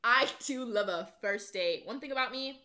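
A woman's voice: on the high side, moderate pace, bright, forceful tone. A young woman in her twenties co-hosting a podcast, telling stories in casual chat, full of "like" and acted-out quotes. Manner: chatty storyteller, many "like" fillers, acts out quotes. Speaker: podcast co-host.

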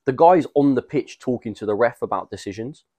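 This podcast co-host is a young man of medium pitch whose lively intonation and fairly quick delivery carry his wandering, slang-filled anecdotes and fillers. His tone is dark, there's no room sound, and the talk is casual chat.

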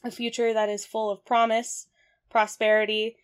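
A woman's voice: fairly high pitch, flat delivery, normal speed, clean tone, lightly acted. A woman playing a pompous newly sworn-in president giving a mock-solemn inauguration speech.

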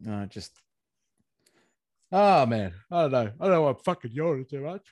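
A man's voice: medium pitch, sing-song, normal speed, darkish tone, dry recording. Sweary man ranting casually. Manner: crude, rambling, sweary banter. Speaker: podcast co-host. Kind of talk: casual chat.

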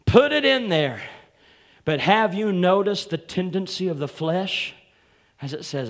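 Pastor guy preaching sunday morning, kinda high voice, calls out folks by name, gets loud n drawn out. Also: animated. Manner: rising to loud, drawn-out shouted preaching, calling out congregation members by name; repeats "come on here" as a call to the congregation. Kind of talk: sermon.

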